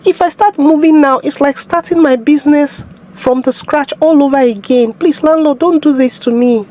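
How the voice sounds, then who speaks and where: A woman with a Nigerian accent playing an aggrieved young shopkeeper who is being evicted, talking loud and emphatic. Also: high voice, normal speed, natural voice, poor audio. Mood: pleading. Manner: pleading then scolding, loud and emphatic. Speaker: evicted shop tenant in a skit.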